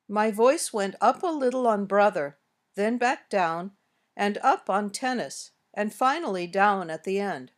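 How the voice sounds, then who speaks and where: An American woman reading a scripted English lesson, modeling sentences slowly and carefully as a teacher. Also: mid-range voice, animated. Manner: slow, careful, clearly modeled example sentences. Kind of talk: scripted instructional narration.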